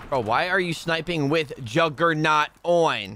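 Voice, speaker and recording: Animated young man yelling over gameplay. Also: a little high, normal speed, slight background noise. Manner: talks to viewers, bursts into yelling rage at deaths. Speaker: gaming streamer. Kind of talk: casual gameplay commentary. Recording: faint gunfire behind.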